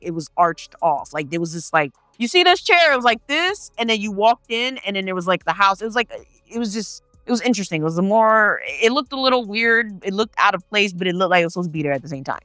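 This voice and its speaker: A woman's voice: mid-range voice, sharp tone, no echo, studio quality. A woman telling a paranormal story in a casual, chatty way, swearing freely and talking straight to her viewers. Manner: chatty, profane, addresses the viewers directly.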